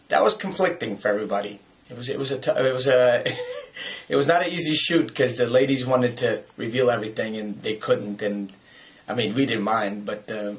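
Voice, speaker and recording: Chuckling man telling film-set anecdotes. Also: medium pitch. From United States. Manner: lively, chuckling storyteller with many restarts. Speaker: actor. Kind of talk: casual anecdotes in a video message.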